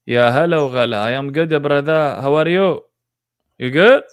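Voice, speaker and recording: A man's voice: on the high side, normal speed, clean tone, dry recording. Combative man hosting a live debate. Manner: confrontational, mocking. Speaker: debate livestream host. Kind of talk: live-streamed religious debate.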